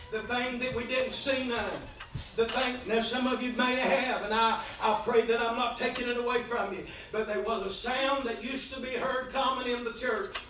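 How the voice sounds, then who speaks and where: A man preaching an impassioned revival sermon in a church, swinging between soft pleading and loud shouting. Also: very high voice, noisy background. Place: church sanctuary. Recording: very echoey church from far off mic.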